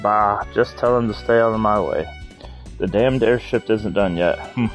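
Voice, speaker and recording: A man voicing a gruff, grumpy old airship builder in a game, curt and dismissive. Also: on the low side, moderate pace, soft background music, lightly acted. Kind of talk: game voice acting.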